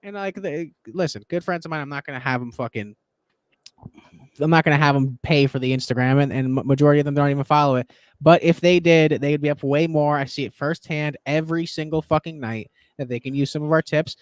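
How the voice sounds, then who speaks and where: An excitable man hosting a sports betting chat. He rambles and swears while he pushes his picks. His voice sits fairly high and sounds dry and close. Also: fast, dry recording. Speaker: podcast host and betting tipster.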